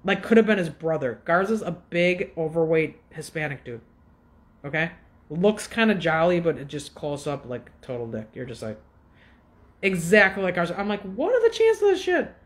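Woman in her 50s venting at the camera, worked up, cussing, all over the place. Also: low-pitched. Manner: agitated, profane storytelling with quick asides. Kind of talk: casual rant to camera.

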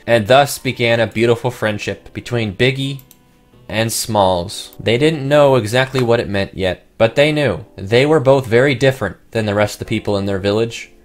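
A man narrating a comic game story with wry, joking asides. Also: fairly low pitch.

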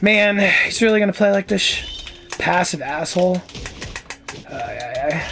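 A man's voice: high-pitched, lively intonation, unhurried, creaky, long pauses, pushed and bright, faint music behind. A man giving casual, profane gameplay commentary as a streamer, trash-talking and easily annoyed. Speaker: gaming streamer.

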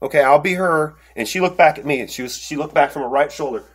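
Youngish guy rambling through a wild story, kinda high voice, lots of likes and restarts. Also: fast, husky. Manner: rambling and animated, acts out quotes, many fillers and restarts. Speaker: storyteller recounting an encounter. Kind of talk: casual first-person storytelling.

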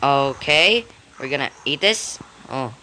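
A person giving casual gameplay commentary, excitable, with frequent startled exclamations, giggles and rambling restarts. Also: mid-range voice, slow.

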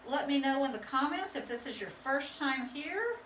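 During a live painting demo, a studio owner and instructor chats in a high, animated, fairly bright voice at a moderate pace. She rambles and uses lots of fillers, and the recording has a roomy echo and slight hiss or hum.

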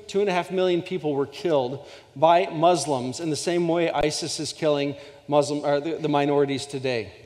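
A man delivers a sermon in a church sanctuary, speaking with earnest passion and frequent restarts. His voice sits a little high for a man. The sound carries a long hall reverb. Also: a little mellow. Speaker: guest speaker.

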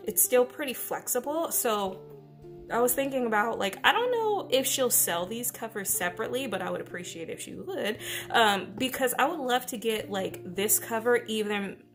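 A woman chatting casually as she unboxes and gushes over a new notebook. She often trails off mid-sentence, keeps her voice hushed at home and sometimes drops almost to a whisper. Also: on the high side, lively intonation, normal speed, faint music behind. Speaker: planner vlogger. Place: at home beside a napping baby.

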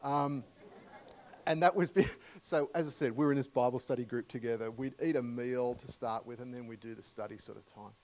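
A middle-aged Australian man preaching a sermon in a church, telling humorous stories warmly with many fillers and restarts. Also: mid-range voice, a little fast, low-quality recording. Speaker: guest preacher. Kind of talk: storytelling sermon.

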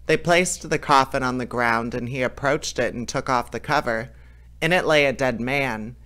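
A man reading a fairy tale aloud in a lively way, with small slips and restarts. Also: mid-range voice, a little slow, smooth. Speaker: storyteller.

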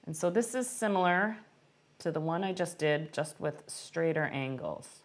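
Woman, middle-aged, live baking teacher, friendly and chatty, slightly low voice. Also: expressive, moderate pace. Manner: friendly, chatty, answers viewer questions. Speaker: baking instructor. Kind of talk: live-stream cooking lesson.

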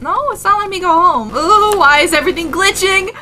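Female gamer, high and lively voice, jumpy horror let's-play commentary, music playing loud behind her. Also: brisk. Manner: excitable, easily spooked, exclaims often. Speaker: gaming YouTuber.

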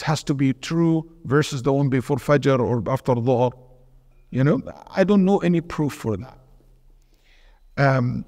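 Man, sheikh, religious lesson, earnest, slightly high voice, long hall reverb. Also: a little mellow. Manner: earnest, asks the audience questions and answers them. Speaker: sheikh teaching a religious class.

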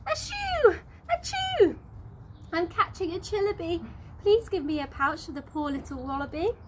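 A woman's voice: brisk, slight background noise, lightly acted. A woman doing a whiny sneezing little wallaby boy. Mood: whining. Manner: high sobbing wails with loud sneezes.

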